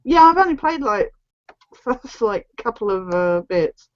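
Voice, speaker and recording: A woman co-hosting a casual chat about games, agreeable and quick to chime in with "yeah". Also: a little high, big pitch swings, no room sound, lo-fi sound. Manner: agreeable, frequent "yeah" backchannels. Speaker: co-host.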